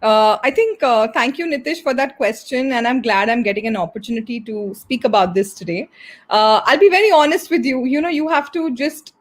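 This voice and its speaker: Female guest, 30s, earnest and halting, slightly high voice. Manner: earnest, frequent fillers and restarts. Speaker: guest entrepreneur and trainer. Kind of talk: live online interview.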